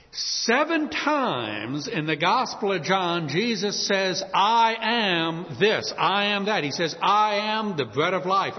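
A man preaches in a high, lively voice that swoops up and down as he drives each point home with emphasis. His sermon rings out through a large hall with a long echo, and the sound is dull and muffled. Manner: emphatic, rising to bold declarations.

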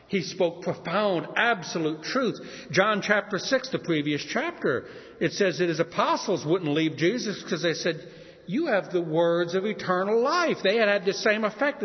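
An older male pastor preaches with a lively, rising and falling delivery, leaning on key words and letting pauses hang. His voice sits fairly high for a man and carries through a hall with a long reverb. The recording sounds muffled. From Texas. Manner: earnest preaching with shifting emphasis and dramatic pauses. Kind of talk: sermon.

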